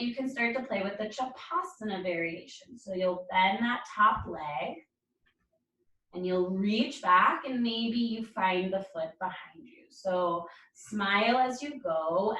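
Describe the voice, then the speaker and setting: A woman leading a yoga class, calling out poses and breaths in calm, encouraging cues. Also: mid-range voice, measured pace, recorded from a distance, a little hiss or hum. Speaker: yoga instructor. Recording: roomy echo, speaker away from mic.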